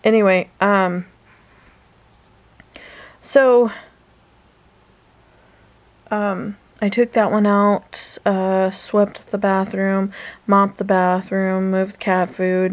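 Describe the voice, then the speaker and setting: Lying in bed in her bedroom at night, a woman chats for her vlog in a medium-pitched, slightly mellow voice. She rambles through a story, now and then dropping to a whisper.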